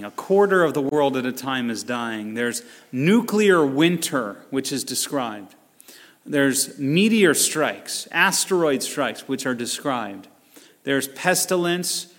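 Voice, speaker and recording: Animated preaching man in echoing hall. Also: fairly high pitch. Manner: animated preaching, acts out voices and asides. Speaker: pastor. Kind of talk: sermon.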